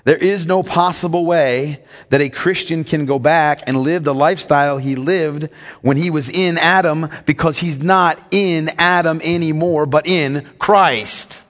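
A man with a high voice delivers a sermon as a pastor, emphatic and teaching, putting questions to his listeners. His voice rings out with a long reverb from a church sanctuary. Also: unhurried, fairly bright tone.

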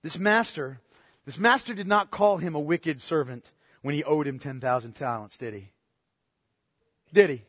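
A man preaching a sermon with passion, firing rhetorical questions and swinging between loud outbursts and hushed asides. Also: fairly high pitch, expressive, moderate pace, pauses often, slightly rough, dry recording, clean studio sound, big-room sound. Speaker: pastor.

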